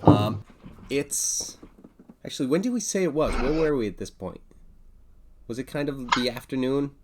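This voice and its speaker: Game master, man, halting narration full of fillers, noisy recording. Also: medium pitch, expressive. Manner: hesitant, many fillers.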